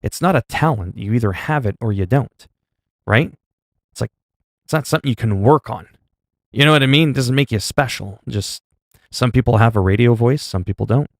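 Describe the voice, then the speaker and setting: A man from Canada chatting casually on a livestream, with a mellow, soothing voice and a rambling, joking, foul-mouthed manner. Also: mid-range voice, fairly quick, gravelly, no room sound, clean studio sound. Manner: rambling, joking, heavy swearing.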